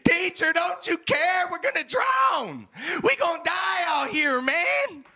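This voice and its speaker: Man voicing frantic storm-tossed disciples, shouted high and loud. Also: sing-song, slow pace, full character voice. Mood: panicked. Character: panicked group of male disciples in a storm.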